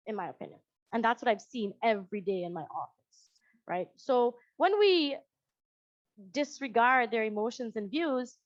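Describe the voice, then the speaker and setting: A high-voiced woman with a Guyanese accent, talking to an audience on a video call. She is conversational and animated, slipping into other voices to act out what parents say. The sound is dry and a little dull, as from a call mic. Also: no echo. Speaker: psychologist.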